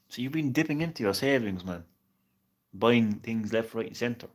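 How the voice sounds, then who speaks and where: During a live game stream, a young man chats in a relaxed, reassuring way with a viewer, tripping over repeated words and tossing in "man" a lot. His voice is lowish and his pace a little fast.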